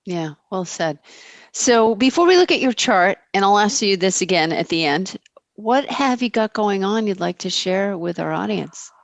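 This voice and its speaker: A woman's voice: medium pitch, animated, normal speed, no room sound. A woman hosting an interview, listening and encouraging her guest before she asks the next question. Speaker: podcast host. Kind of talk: casual interview.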